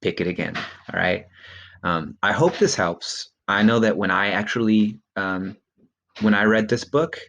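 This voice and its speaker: Male teacher, low voice, encouraging recorded lesson, filler-heavy. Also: measured pace, creaky, fairly bright tone, dull audio. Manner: encouraging, many ums and okays. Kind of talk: recorded remote class lesson.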